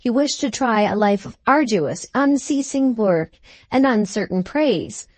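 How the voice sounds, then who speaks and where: A woman voicing an earnest foreign male musician who speaks gently but gravely in a storybook reading. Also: fairly high pitch, expressive, unhurried, no room sound. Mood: solemn emphatic.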